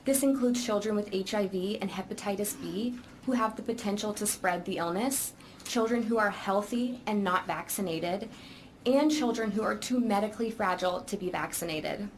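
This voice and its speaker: A woman testifying as a parent before a legislative committee, reading a prepared statement in an earnest, emotional, deliberate way. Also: mid-range voice, slight background noise, low-quality recording.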